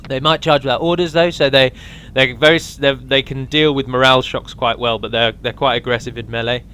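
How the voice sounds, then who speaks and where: Bright-voiced man talking through a game. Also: medium pitch, fairly even intonation, a little fast, a little hiss or hum. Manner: rambling, with frequent ums and restarts. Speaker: game mod presenter. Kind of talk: casual game walkthrough commentary.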